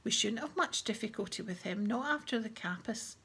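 A kindly male teacher speaks to a pupil in an easy, friendly way, as read by a woman. There is a light gravelly texture in the voice, and the tone stays warm-hearted and calm. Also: on the high side, fairly quick, slight background noise. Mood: gentle. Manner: gentle, friendly.

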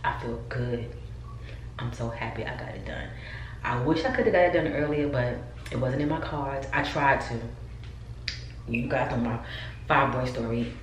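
A woman's voice: extremely low pitch, normal speed, pauses often. A woman vlogging from home, chatting casually and talking straight to her viewers. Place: upstairs room at home. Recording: roomy echo, mic at a distance, faint background noise.

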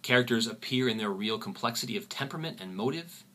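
A man teaching a literature lesson, often pausing and repeating words as he thinks. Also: medium pitch, expressive, fairly bright tone. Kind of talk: recorded lecture.

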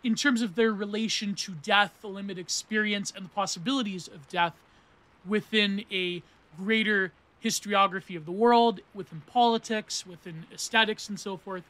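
A man's voice: high voice, bright, forceful tone. A man of thirty hosting a podcast book review, talking in a rambling, self-correcting way that mixes academic terms with meme slang. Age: 30s. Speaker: podcast host reviewing philosophy books. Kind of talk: casual spoken book review.

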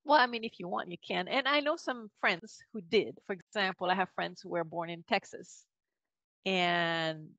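A Canadian woman with a Quebec French accent talks as a podcast guest, choosing her words with fillers and restarts and laughing often. Her voice is medium in pitch. The sound is dry and a little dull. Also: normal speed, a bit bright, no echo. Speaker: guest linguist. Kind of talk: podcast interview.

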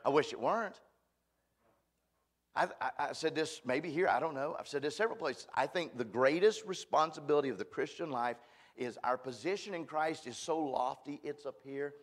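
A guest preacher delivers a sermon at a church, his voice a little high and his pace moderate. He's folksy and emphatic, often poking fun at himself.

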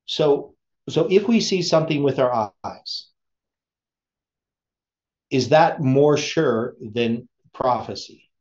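A man's voice: medium pitch, animated, slow pace, pauses often, darkish tone, dull audio. A man preaching, reading a sermon aloud with his own commentary and asking the listeners rhetorical questions.

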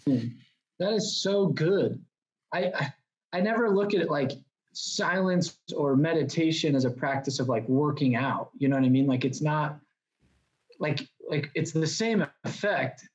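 A man's voice: a little high, lively intonation, a little slow. A man hosting an interview, reacting in a loose, casual way with plenty of fillers as he thinks aloud. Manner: loose, filler-heavy reflections. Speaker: host. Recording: slightly muffled lo-fi audio.

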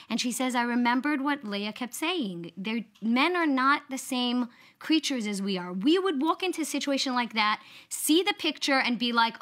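A woman's voice: sits high, expressive, moderate pace, a bit bright. A woman guest on a talk show retelling a family story, acting out quoted lines with animation.

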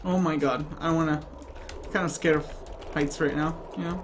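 A man giving playful, excitable let's play commentary and often bursting into laughter. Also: fairly high pitch, a little fast, a little hiss or hum. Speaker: gaming YouTuber.

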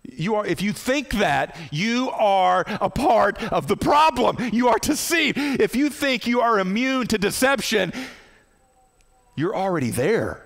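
A man preaching a sermon as pastor, impassioned, swinging between loud outbursts and hushed low tones. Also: sing-song, unhurried, creaky.

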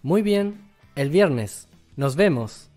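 A man's voice: fairly high pitch, animated, slow pace, dark tone, soft background music. An actor playing a cheerful young man eager to meet his friend, speaking in an upbeat scripted beginner dialogue. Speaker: actor in a story sketch.

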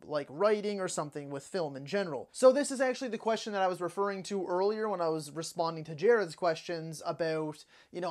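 A young adult host in their twenties answers viewer questions on a movie channel in a relaxed vlog. They talk chattily, with plenty of "like" fillers and quick self-corrections, in a mid-range voice. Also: medium pitch. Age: 20s. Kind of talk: casual Q&A vlog.

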